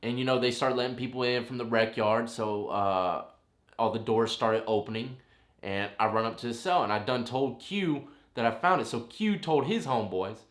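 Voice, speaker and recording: A man in his thirties casually telling a long story, rambling and animated, full of "you know what I mean". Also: mid-range voice, normal speed. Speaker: vlogger telling a prison story. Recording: roomy echo.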